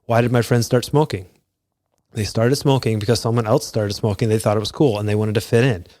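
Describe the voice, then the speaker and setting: A man in his forties hosting a podcast, talking casually and retelling scenes in bursts of higher pitch. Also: a little mellow, dry recording, clean studio sound. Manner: conversational, retells scenes with quick pitch jumps. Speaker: podcast host. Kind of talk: casual solo talk.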